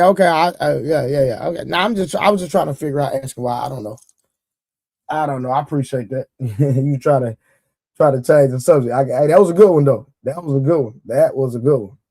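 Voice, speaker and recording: A man with a mellow, warm voice hosts a casual livestream and talks straight to his viewers. His delivery is loose and repetitive, with frequent laughs as he reads comments aloud. The sound is dry and close, with no room around it. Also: medium pitch, no echo. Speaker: livestream host. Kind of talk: casual live-stream chat, reading viewer comments aloud.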